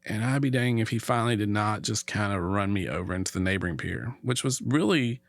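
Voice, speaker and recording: Man, middle-aged, lively storyteller, dry close sound. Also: lowish voice, brisk, creaky, no echo. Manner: animated storyteller, acts out quotes. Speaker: podcast guest. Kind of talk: casual storytelling.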